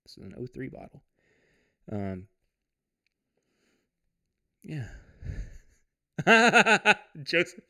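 A man's voice: on the high side, very animated, drawn-out words, long pauses, sharp tone. A man hosting a casual livestream from home. He reads viewer comments aloud, chats loosely, laughs often and restarts his sentences. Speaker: podcast host.

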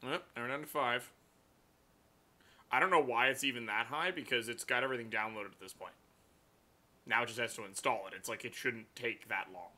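A man's voice: medium pitch, fairly quick, long pauses, pushed and bright. A man streaming live, ranting in a profane, exasperated way at his computer.

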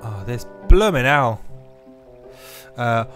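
A man's voice: medium pitch, animated, measured pace, fairly bright tone, faint music behind. A man playing a video game and giving goofy, self-mocking, rambling let's play commentary. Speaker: gaming youtuber.

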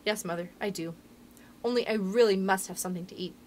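A woman voicing an honest, brave young miner boy in a storybook reading, dropping her voice lower and speaking steadily. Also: quick pace, a little mellow, a little hiss or hum, lightly acted. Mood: earnest.

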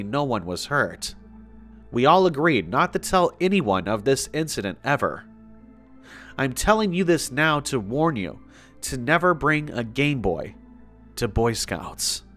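Man, mid-range voice, scripted horror narration, steady measured delivery, soft music underneath. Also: medium pitch. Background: faint background music.

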